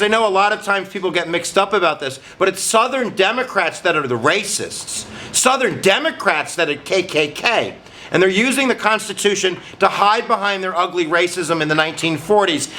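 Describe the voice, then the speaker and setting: A man's voice: sits high, sharp tone. A man hosting a history lesson channel, talking to viewers in an upbeat, jokey, casual way. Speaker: history teacher host.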